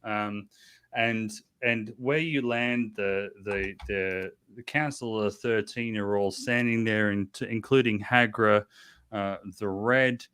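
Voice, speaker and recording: Halting man running a tabletop game. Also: lowish voice, fairly even intonation, fairly bright tone, clear, resonant tone. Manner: halting, many restarts and fillers. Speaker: game master.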